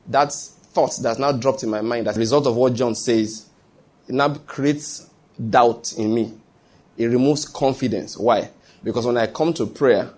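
A man's voice: mid-range voice, a little mellow. A man preaching a sermon, often checking that his listeners follow him and restarting his phrases.

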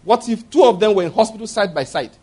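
A pastor preaches in a high-pitched, somewhat husky voice. He is emphatic, laughs often and acts out quick little exchanges as he talks. He presses his points with force. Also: animated, a little mellow. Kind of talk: sermon.

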